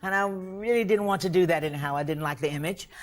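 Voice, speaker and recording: A woman's voice: on the low side, fast. A woman in her fifties from the United States, a guest in a casual television interview, playful and often laughing. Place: TV studio set dressed as living room, with audience.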